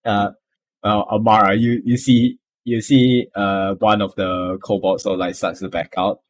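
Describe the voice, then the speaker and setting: A man narrating as game master of a tabletop game, halting and laughing often. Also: on the low side, flat delivery.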